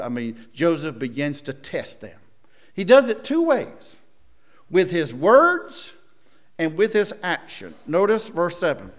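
Male preacher, high and very lively voice, reads scripture then explains it, acts out the lines. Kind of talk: expository Bible sermon.

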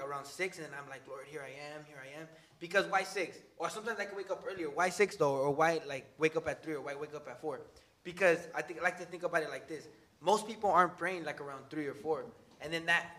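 A young man talks fast and excitedly, his voice sitting a little high for a man. He rambles and jokes through a casual faith testimony with lots of fillers, with faint noise in the background. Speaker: youth group speaker. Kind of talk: casual testimony in a group discussion.

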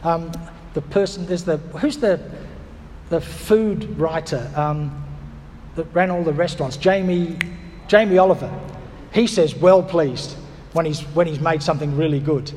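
A man preaching a sermon in a lively, conversational way, with quick restarts and pauses. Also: a little high, big-room sound, slight background noise.

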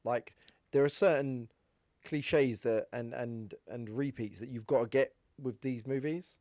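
A man's voice: medium pitch, a little slow, a little mellow, no room sound, studio quality. A man chatting casually about films, explaining at length with many restarts. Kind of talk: casual film discussion.

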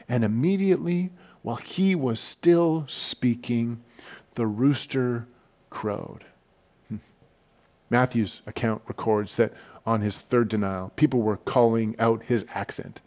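A man's voice: medium pitch, moderate pace. Man preaching in a chatty way. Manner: conversational, relaxed storytelling with frequent stammered word repeats. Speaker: pastor. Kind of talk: sermon.

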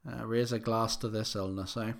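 A man's voice: fairly low pitch, fairly even intonation, normal speed, vocal fry. A man hosting a podcast, talking alone in a rambling, self-deprecating way with many fillers and restarts. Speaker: podcast host. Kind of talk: casual solo podcast monologue.

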